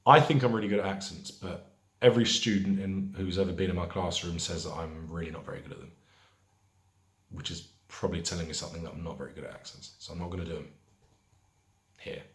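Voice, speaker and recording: A man hosting a pub quiz in a lowish voice, reading each question slowly and then repeating it. He drifts into chatty asides between questions. The room around him is echoey. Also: a bit bright. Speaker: quiz host.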